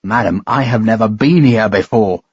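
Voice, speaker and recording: A man's voice: fairly low pitch, normal speed, a little mellow, breathy edge, no room sound, muffled recording, pitched below the performer's own voice. A male narrator voicing a stern British officer who barks urgent orders.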